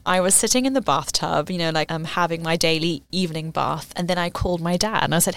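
A woman's voice: lowish voice, fast, hardly any pauses, a bit bright, no room sound. A young woman from Germany, talking casually in an interview and filling her speech with "like" and "um". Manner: chatty, lots of "like" and "um" fillers. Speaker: guest.

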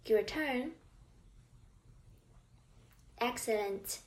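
A woman leads a language lesson at a slow, deliberate pace. Her voice sits a little high, and she drills each word and then pauses for the listener to repeat. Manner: drills words and pauses for repetition. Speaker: language teacher.

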